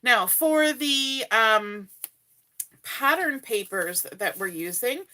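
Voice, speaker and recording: A woman's voice: fairly high pitch, animated, slow, sharp tone. A woman from Canada hosting a live card-making tutorial from home, chatty and greeting viewers by name as she works. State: hiccups. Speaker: crafting livestream host.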